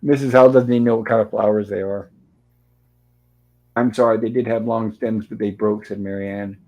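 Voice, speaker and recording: A man's voice: on the low side, fairly even intonation, a little fast, darkish tone, lo-fi sound. A man hosting a show, casually retelling old TV episodes scene by scene, reading the characters' lines aloud and adding dry asides. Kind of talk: casual recap and commentary.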